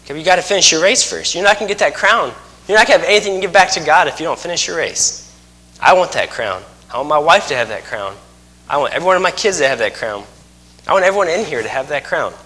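A man's voice: a little high, fast, big-room sound. A man in his thirties preaching a sermon, telling stories and acting out scenes with humor. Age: 30s. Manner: lively storytelling, acts out scenes with humor.

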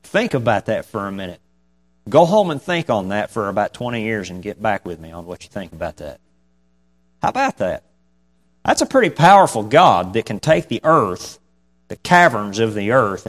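A man's voice: on the low side, very animated, moderate pace. A man preaching a casual, folksy sermon. He reads scripture and then talks it through in a conversational way, chuckling between points.

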